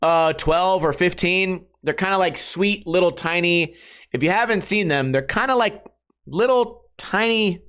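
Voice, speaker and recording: A man with a slightly raised pitch talks loosely and profanely as he hosts his own podcast. He rambles from topic to topic and keeps breaking into quick impressions of friends, always in a jokey tone. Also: fairly bright tone, clean tone. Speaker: podcast host. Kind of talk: casual solo podcast chat.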